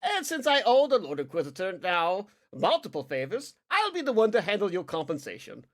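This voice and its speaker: Brief: man doing a high, pompous noble, overly formal and flustered, lively lilt. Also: a little fast. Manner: fussy, apologetic and overly formal. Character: pompous, well-groomed male noble on a screen.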